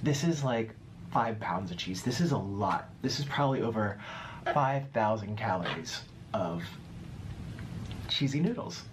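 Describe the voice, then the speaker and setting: A man's voice: medium pitch, expressive, moderate pace. A man chatting through an eating video, cooing and talking baby-talk to a pet. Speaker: mukbang eater. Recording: noisy clip played back.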